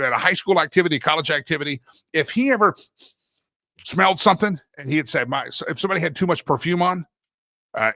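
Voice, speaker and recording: A man's voice: a little high, vocal fry, bright, forceful tone, no echo. Rambling, joking middle-aged male talk host. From Deep East Texas. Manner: rambling, joking, self-interrupting. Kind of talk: casual chat.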